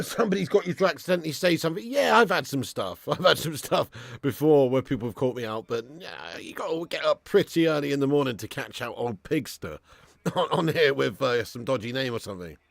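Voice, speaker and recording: A man's voice: medium pitch, very animated, brisk, gravelly, no room sound. A man hosting a live watch-along stream, chatting casually with viewers, reading out their comments, swearing and laughing often.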